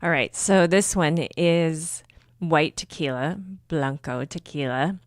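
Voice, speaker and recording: A woman's voice: deep voice, takes it slowly, dry recording, clean studio sound. A woman co-hosting a podcast, chatting in an easygoing way and laughing along. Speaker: podcast co-host. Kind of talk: casual chat.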